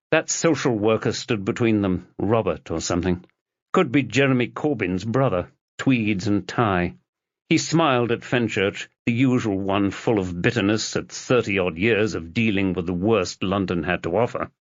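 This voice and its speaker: Slow, expressive male audiobook narrator. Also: lowish voice, no echo, dull audio. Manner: dramatic, expressive reading. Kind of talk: scripted narration.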